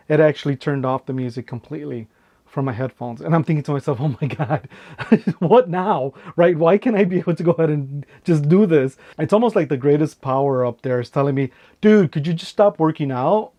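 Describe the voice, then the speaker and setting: A man's voice: a little high, dark tone, dull audio. A man chatting casually in a tech unboxing vlog, rambling with lots of "right?" tags and filler phrases. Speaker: tech vlogger.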